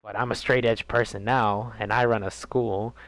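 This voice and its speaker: A man's voice: fairly low pitch, fairly even intonation, moderate pace, a bit bright, no room sound, close to an everyday voice. A young man putting on a smug, self-righteous male school principal in a mocking, sanctimonious tone.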